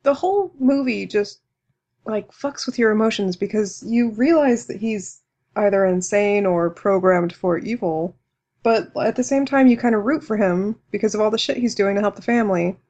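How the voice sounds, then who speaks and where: A woman co-hosting a casual movie podcast, chatty and quick to laugh. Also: medium pitch, a little mellow. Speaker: podcast co-host.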